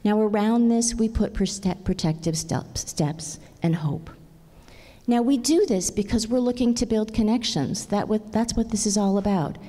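A woman's voice: mid-range voice, normal speed, few pauses, warm tone. A woman giving a plenary talk at a conference, telling stories expressively and dropping into whispered asides. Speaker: conference keynote speaker. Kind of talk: plenary talk with story reading. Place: large conference hall. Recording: echoey conference hall.

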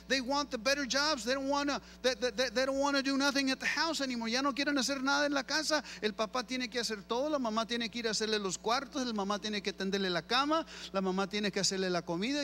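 A middle-aged pastor preaches with a very high, bright voice, moving freely between two languages. He drives his points home with repetition and lively emphasis, over a faint steady hum. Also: fast talker, few pauses. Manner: animated, repeats himself for emphasis. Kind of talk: bilingual sermon.

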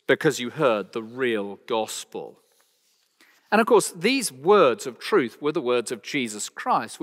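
A British man preaching in a big church, his voice ringing with a long reverb. He speaks slowly and deliberately, with a lively, rising and falling pitch. His delivery is earnest and emphatic, and he returns again and again to key phrases. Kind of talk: expository sermon.

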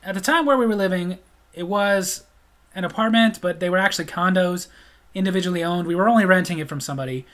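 A man's voice: high voice, fast, fairly bright tone. Blunt, sarcastic middle-aged man. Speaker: storyteller. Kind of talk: casual storytelling vlog.

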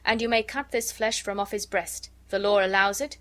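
A woman reading the lines of a young woman posing as a wise counsellor, grave and measured, in a storybook. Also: medium pitch, steady tone, bright, forceful tone, lightly acted.

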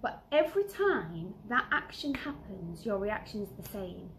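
A woman vlogger giving earnest self-help advice, stressing and repeating key phrases and sometimes dropping to a soft whisper. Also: medium pitch, big pitch swings, measured pace, slight background noise, poor audio. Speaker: lifestyle vlogger. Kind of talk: motivational self-help talk.

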